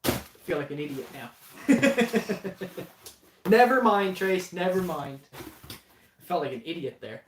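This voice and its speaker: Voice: medium pitch, expressive, slow pace, long pauses. A livestream co-host chatting casually during an unboxing, joking and laughing often in a rambling way. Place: home basement. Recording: echoey room, distant mic, faint noise.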